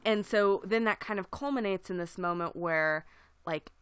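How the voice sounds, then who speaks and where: A young woman co-hosting a casual podcast, thinking aloud in a slightly low voice. She hedges often with "like" and "you know", and the recording is close and dry. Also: moderate pace, fairly bright tone, clean tone, no room sound. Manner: reflective, hedging with fillers. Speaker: podcast co-host. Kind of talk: casual chat.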